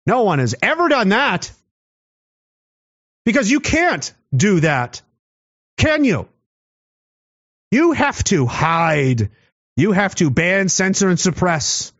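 Sarcastic guy ranting at the camera, kinda high voice, muffled and dead dry. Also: sing-song, slow pace, long pauses, fairly bright tone, no room sound. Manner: combative, sarcastic, swings from low mutter to raised voice. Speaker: commentary show host.

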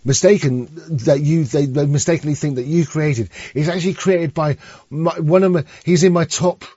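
Guy rambling on a stream, kinda high voice, muffled lo-fi audio. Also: moderate pace, no echo. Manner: crude, rambling, excitable. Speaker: livestream host. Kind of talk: casual livestream chat.

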